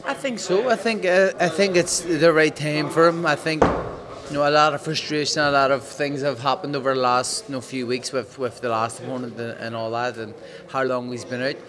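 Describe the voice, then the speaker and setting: A man's voice: medium pitch, fairly even intonation, normal speed, few pauses. A man with a Northern Irish accent, a boxer chatting frankly and swearing at ringside, often repeating his words. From Northern Ireland. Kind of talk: casual chat. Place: busy boxing arena. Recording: loud arena crowd behind.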